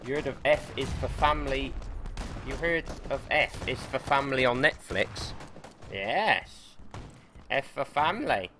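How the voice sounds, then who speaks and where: A man giving casual, excitable and sweary commentary while livestreaming a game and talking to his chat. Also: medium pitch, a little slow, soft background music. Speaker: game streamer.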